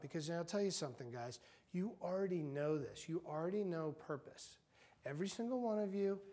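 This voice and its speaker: A middle-aged man giving an energetic motivational talk to a university group, acting out quotes as he goes. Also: on the high side. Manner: energetic, animated, acts out quotes. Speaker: guest speaker. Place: university meeting room.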